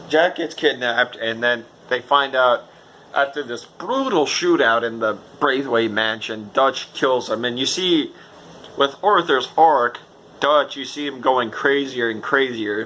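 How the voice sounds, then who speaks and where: Guy rambling thru a game review, gets hyped, swears a lot, sharp bright voice. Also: medium pitch, slight background noise, rough recording. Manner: excitable, rambling, swears freely.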